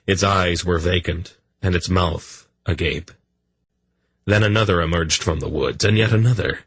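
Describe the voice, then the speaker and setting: A man narrating a fantasy audiobook in an even, measured storytelling manner. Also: sits low, a little hiss or hum.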